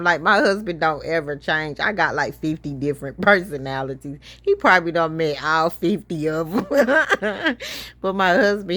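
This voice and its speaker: A woman's voice: medium pitch, a bit bright. A woman, telling a story to her viewers in a casual, profane vlog. She keeps breaking into helpless laughter and is teary-eyed from it. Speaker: vlogger.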